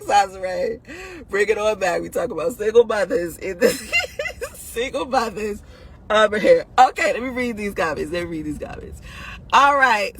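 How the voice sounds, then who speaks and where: A woman's voice: medium pitch, slight background noise. A woman hosting a video, giving dating advice in blunt, profane casual talk, laughing often and tossing "listen" and "right?" at her audience.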